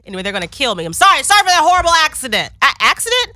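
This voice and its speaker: Lively bright-voiced woman laughing often. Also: on the high side, rapid-fire, dry recording, clean studio sound. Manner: laughs often, animated storyteller. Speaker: actress guest. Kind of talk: casual interview chat. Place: office.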